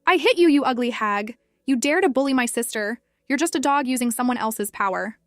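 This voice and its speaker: A woman's voice: on the high side, a little fast, fairly bright tone, no echo, studio quality, natural voice. A woman voicing an eager, earnest young boy who fiercely protects his sister. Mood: angry. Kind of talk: storybook narration.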